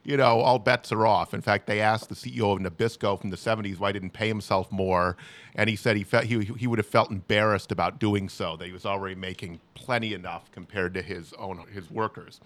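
A man's voice: on the low side, steady tone, fairly quick, fairly bright tone, no echo. A man co-hosting a political talk show, explaining the news earnestly with frequent restarts. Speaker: co-host.

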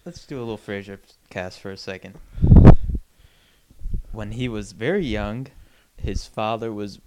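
A man's voice: on the low side, unhurried, heavy background noise. A man co-hosting a comedy podcast, bantering in a mock-crotchety, playful way. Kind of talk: casual comedic chat.

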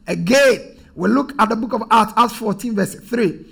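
Male pastor, high gravelly voice, emphatic repetitive preaching style. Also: normal speed, a bit bright. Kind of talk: sermon.

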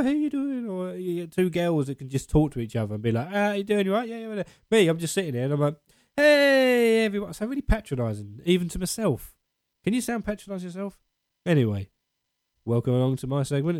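A man's voice: a little high, dark tone, no echo. A man with an Essex accent hosting his podcast segment, rambling and self-mocking in casual chat. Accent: Essex English.

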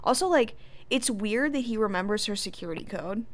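A woman's voice: medium pitch, expressive, a little fast. A young woman co-hosting a casual podcast, animatedly retelling TV scenes and acting out the lines. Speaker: podcast co-host recapping a TV episode. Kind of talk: casual chat.

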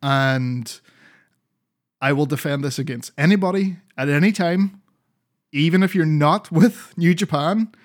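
A brash, cocky wrestler throwing out a challenge, as a man quotes him on a podcast. The voice sits a bit high and sounds sure of itself. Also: measured pace, natural voice. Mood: defiant. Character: brash male wrestler taunting a crowd.

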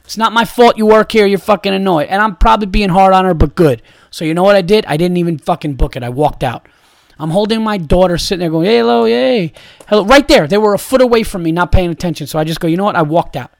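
A man's voice: high voice, quick pace, no echo, studio quality. A young adult man hosting a podcast, ranting in an exasperated, profane, repetitive way. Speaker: podcast host. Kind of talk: casual ranting monologue.

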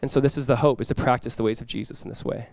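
A young man serving as pastor preaches a lively, conversational sermon, often backing up to restart phrases. He has a gravelly, medium-pitched voice, speaks very fast, and the recording carries no room sound.

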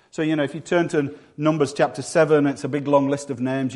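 Joking English preacher, higher voice. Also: male voice, steady tone, a little fast, a little mellow. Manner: humorous, acts out voices and quotes. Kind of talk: sermon.

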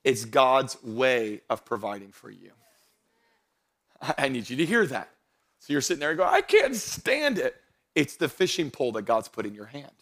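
A young adult man, a pastor, preaching a sermon to his church, building to loud emphatic passages and joking with the congregation. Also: medium pitch, normal speed. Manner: jokes with the congregation. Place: church stage before a congregation.

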